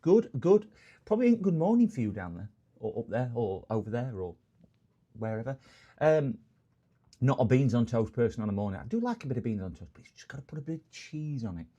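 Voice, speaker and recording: On a muffled recording, a middle-aged English repair streamer talks in a mid-range, sing-song voice at a quick clip. He wanders between topics, cracks jokes with viewers, and throws out warm, loud hellos to the chat.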